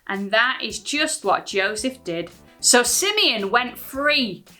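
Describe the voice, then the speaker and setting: A woman presenting and reading aloud in a children's assembly video. She speaks slowly with a bright, clear tone and lively, wide-ranging pitch. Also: faint music behind. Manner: slow, expressive storytelling.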